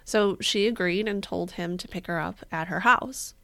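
A woman's voice: fairly low pitch, normal speed, vocal fry, a bit bright. A woman co-hosting a podcast, telling a true-crime story in casual chat, swearing freely and acting out the people she quotes. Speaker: podcast co-host.

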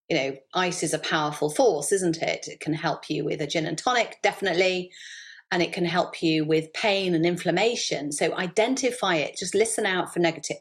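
Woman guest on a podcast, chatty and animated, voice sits a bit low. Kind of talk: casual interview chat.

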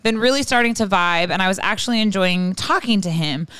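A woman's voice: mid-range voice, a little fast, fairly bright tone, clear, resonant tone, no echo, lightly acted. A woman voicing a young woman listener who writes in about dating, using a put-on Irish accent that wanders into Scottish. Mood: chatty. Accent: put-on Irish, drifting to Scottish. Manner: fumbling, wandering mock accent.

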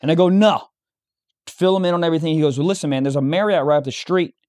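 A young man co-hosting a podcast, telling a story in casual chat, animated and profane, acting out the dialogue. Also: on the high side, fast talker. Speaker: podcast co-host.

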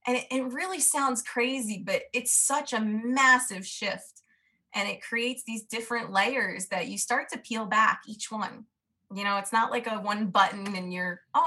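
A woman talks as a podcast guest in an easy, storytelling flow. Her voice is bright and clear-edged, earnest and lively, with plenty of casual "like" and "you know". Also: medium pitch.

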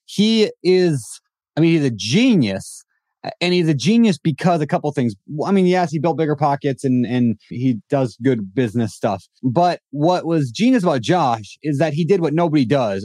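Fast-talking, rambling man on a podcast. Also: medium pitch, mellow, no room sound, studio quality. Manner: fast, rambling, full of "like" and restarts. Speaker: podcast guest, real estate investor. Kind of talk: casual podcast chat. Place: home in Hawaii.

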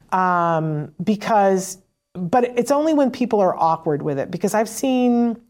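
A woman walks parents through teaching techniques in a relaxed, conversational way. She keeps checking in with "right?" and briefly acts out both sides of short exchanges in a livelier voice before going back to her explanation. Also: medium pitch. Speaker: parent educator on autism teaching. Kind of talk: casual instructional talk.

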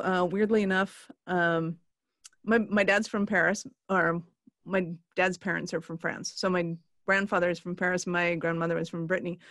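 A woman's voice: on the low side, a bit bright, dry recording, studio quality. Upbeat laughing woman guest from Canada. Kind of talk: casual chat.

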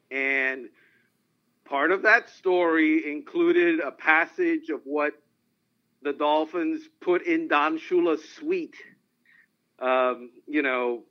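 Animated male storyteller on a dull line. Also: fairly high pitch. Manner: animated anecdotal storytelling, frequent laughs. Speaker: sportswriter guest. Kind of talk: phone-in interview storytelling.

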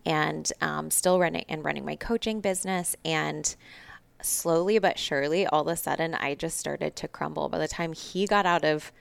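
Low gravelly woman, candid podcast guest. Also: moderate pace, no echo. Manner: candid, emotional retelling with swearing and laughs. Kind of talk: candid storytelling interview.

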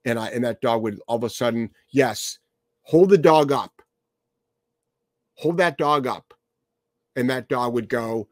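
Brief: male podcast host and dog trainer, blunt and forceful, cursing freely, mid-pitched, dry close sound. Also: normal speed, long pauses, no room sound. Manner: blunt, profane, emphatic.

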